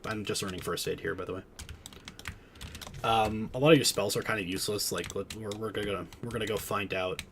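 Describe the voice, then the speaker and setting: A man's voice: lowish voice, fairly even intonation, a little fast, slight background noise. A man streaming a game, chatting casually and explaining the mechanics as he plays. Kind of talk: casual gameplay commentary.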